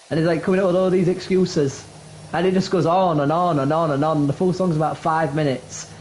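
A man's voice: fairly high pitch, fairly even intonation, fairly quick, darkish tone, slight background noise, poor audio. A man co-hosting a casual gaming stream, telling long, rambling stories. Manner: chatty storyteller, rambling. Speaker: co-host.

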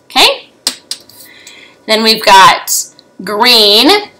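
Slow, bright-voiced woman teacher. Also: fairly high pitch, lively intonation, low-quality recording. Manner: slow, patient, rising "okay?" checks with young pupils. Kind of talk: remote school lesson.

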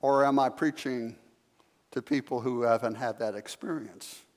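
A man's voice: mid-range voice, steady tone, normal speed, darkish tone. A male pastor preaching a sermon, telling a story and asking the congregation questions. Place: church sanctuary. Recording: long reverb of a sanctuary.

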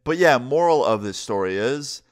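A man telling a casual story-time vlog in an animated, slangy way, swearing freely. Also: mid-range voice, moderate pace. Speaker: storyteller vlogger.

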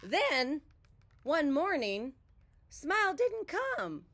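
A woman reading a picture book aloud to children, expressive and unhurried, sometimes sinking to a soft whisper. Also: sits high. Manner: animated, slow and expressive, drops to soft whispers. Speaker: children's story reader. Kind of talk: read-aloud storytelling for children.

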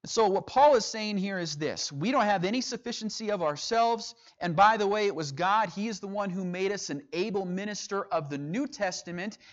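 A man's voice: high voice, normal speed, few pauses. A man teaching a sermon, reading scripture aloud and explaining it verse by verse. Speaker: preacher. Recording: dull lo-fi sound.

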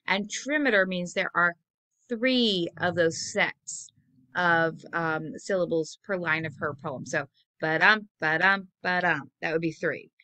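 Female college instructor, video lecture, bright tone, conversational, sounds out rhythms aloud. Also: medium pitch. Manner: chatty, self-correcting, asks students questions; taps out rhythms by voice.

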